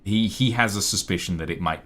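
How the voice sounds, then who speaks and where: A man's voice: low-pitched, a little fast, a bit bright. A man narrating a tabletop game as game master, hesitant and full of fillers.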